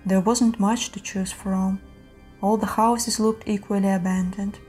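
A woman reads horror stories in a steady, measured voice. Her tone is mellow and soft-edged. Faint music plays underneath. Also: medium pitch. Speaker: narrator. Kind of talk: scripted horror story narration.

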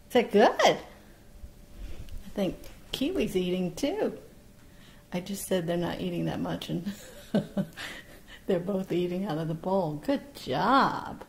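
A woman parrot breeder talking casually about her baby birds and gently coaxing them with sing-song encouragement. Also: lowish voice, very animated, vocal fry. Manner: slow, gentle, coaxing, with frequent laughs. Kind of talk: casual vlog narration and baby-talk to birds.

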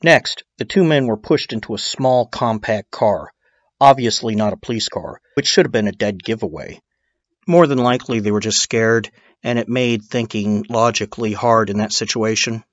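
A man's voice: fairly low pitch, moderate pace, no echo, muffled recording. A man narrating a true-crime documentary in a casual storytelling way, dropping in blunt, swearing asides.

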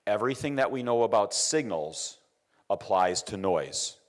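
Speaking in a fairly low, expressive voice at a measured pace, a middle-aged man recounts a personal story as part of an engineering lecture. He repeats words often and acts out what others said in a raised voice.

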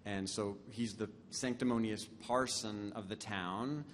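A man's voice: on the low side, steady tone, a little slow. Man chatting on stage, eager and self-deprecating, echoing hall, faint noise. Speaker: composer and lyricist. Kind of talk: casual stage chat. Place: concert stage. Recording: long hall reverb.

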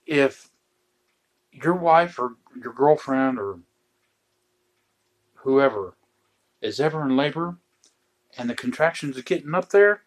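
A middle-aged man telling true stories from home in a casual chat, with dry, deadpan joking asides. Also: medium pitch, takes it slowly, long pauses.

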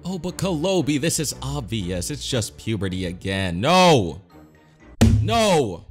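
A man hosting a video commentary, deliberately putting energy and passion into his delivery. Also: lowish voice. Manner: puts on an animated, lively delivery. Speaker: YouTube commentary host.

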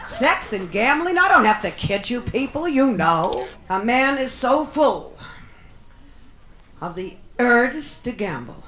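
On a nightclub stage, a woman with a fairly high, sing-song, slightly bright voice performs slowly, and there's a little hiss or hum. Her bawdy, brassy stand-up routine is punchy and drawn out for the crowd, recorded live in an echoey club where the audience laughs.

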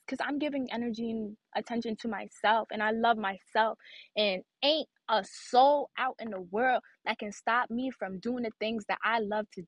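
High-voiced woman, candid motivational vlog. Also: no room sound. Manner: candid, emphatic, repeats points for emphasis. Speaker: vlogger. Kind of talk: casual motivational storytelling.

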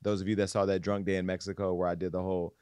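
A man's voice: sits low, level tone, racing, a little mellow, smooth, no room sound, studio quality. A man hosting a pop culture podcast, talking bluntly and candidly with crude jokes. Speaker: podcast host. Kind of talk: casual pop culture gossip.

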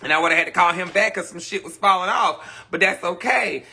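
A man's voice: sits high, fairly quick, creaky, bright, forceful tone. A man hosting a live stream, chatting casually with viewers in a brash, profane, gossipy way while he vents his frustrations. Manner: frustrated, ranting. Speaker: livestream host. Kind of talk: casual livestream chat. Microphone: phone or webcam on a live stream.

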